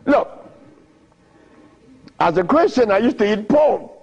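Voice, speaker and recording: A man's voice: sits high, sing-song, slow pace, creaky, a little mellow. A man lecturing an audience, telling stories in an emphatic, teasing way, on a dull lo-fi recording. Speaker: speaker addressing an audience. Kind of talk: lecture with storytelling.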